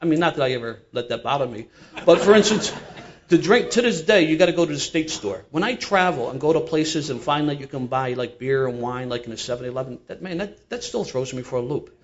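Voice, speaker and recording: An older Philadelphia man, a guest storyteller, chuckles through his own animated yarn at a slightly fast clip. His voice is on the high side, and the audio sounds dull.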